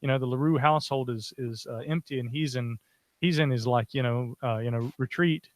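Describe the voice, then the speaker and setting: A man's voice: medium pitch, fairly quick, no echo. A man hosting a casual podcast chat, joking and telling stories with lots of fillers. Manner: jokey, storytelling with many fillers. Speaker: podcast host.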